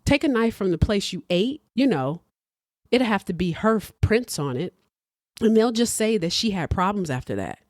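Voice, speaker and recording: A woman voicing a whiny, teasing woman who makes threatening phone calls in a high, singsong lilt. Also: animated, normal speed, a little mellow, no room sound, clean studio sound, lightly acted. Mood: taunting.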